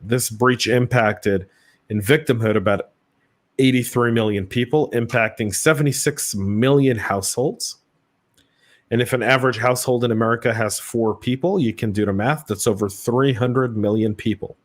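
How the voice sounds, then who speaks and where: A man's voice: medium pitch, moderate pace. Man, Southern US accent, podcast co-host, casual live chat, stammered restarts.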